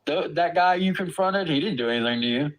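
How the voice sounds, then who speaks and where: The recording is rough, and the voice is a little high, a bit bright, and slightly fast with lively intonation. It belongs to an adult father ranting angrily to his stream about online drama, swearing hard and stammering in disbelief.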